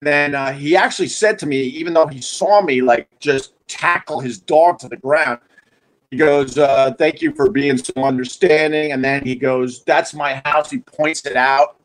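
A man telling a story casually, animated and swearing as he acts out his own reactions. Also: fairly high pitch, moderate pace, poor audio. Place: house by a beach.

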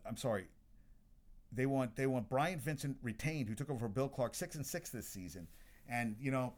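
A man hosting casual sports talk, blunt and opinionated, swearing freely as he runs through the news. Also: mid-range voice.

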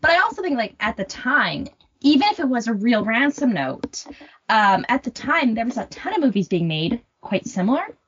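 A woman's voice: a little high, very animated, normal speed, a bit bright, slightly rough. A young woman co-hosting a podcast in casual chat, opinionated and rambling with jokes. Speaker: podcast co-host. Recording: dull lo-fi sound.

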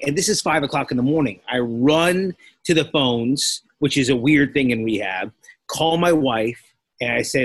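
A male podcast guest tells his story with animated energy and slips into other people's voices as he goes. His pitch sits in a middle range. The sound is dry and close to the mic. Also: normal speed, no room sound. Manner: animated, acts out quotes. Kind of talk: personal storytelling in conversation.

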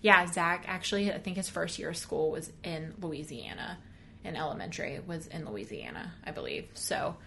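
A young woman chatting on her podcast, her voice sitting a little low for a woman. She talks excitedly, laughs often and swears casually. A faint low rumble runs under the recording. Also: normal speed, creaky. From Texas. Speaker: podcast co-host. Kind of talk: casual chat.

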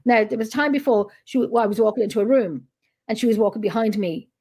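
An Irish woman hosts a loose, friendly chat over a video call. She tells stories with lively retellings, and her voice sits somewhat high. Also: fast, husky. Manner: chatty storyteller, animated retelling. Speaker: host. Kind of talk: casual chat.

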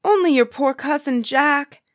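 Cheeky fairytale hero lad, quick-witted trickster, read by a woman. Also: on the low side, lively intonation. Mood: sly. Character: clever young male giant-killer, cheeky trickster.

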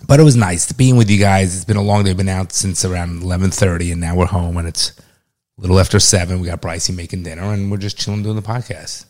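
A middle-aged man with a very deep voice chats loosely on a family podcast at home. He rambles, repeats himself and turns openly sentimental. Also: fairly even intonation, fast talker, a little mellow. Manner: emotional, rambling, repeats words. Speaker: podcast host, father. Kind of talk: casual family podcast chat.

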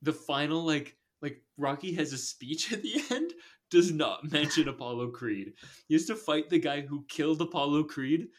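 A man's voice: on the high side, animated, normal speed. A man hosting a podcast in casual chat, rambling with lots of filler words and frequent laughs. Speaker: podcast host.

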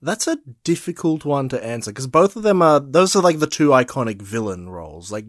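A man's voice: mid-range voice, big pitch swings, no room sound, studio quality. A man co-hosting a podcast in casual film chat, weighing his words with many fillers. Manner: measured, hedging, many fillers. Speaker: podcast co-host.

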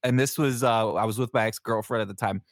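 A man's voice: on the low side, fairly even intonation, fast, no echo, studio quality. A man, a Navy veteran hosting a podcast, telling a story casually with lots of fillers, swearing and laughter. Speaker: podcast host.

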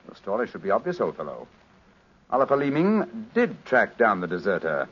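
A coolly brilliant detective in an old radio drama. His slightly husky voice moves lively up and down as he explains every step precisely. The 1940s recording is muffled. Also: fairly low pitch, normal speed, full character voice. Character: calm brilliant male detective, coolly triumphant.

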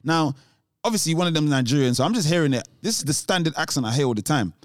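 A man's voice: a little high, expressive, rapid-fire, no room sound, clean studio sound. A man chatting casually as a co-host, rambling off on tangents with lots of restarts and street slang. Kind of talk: casual chat.

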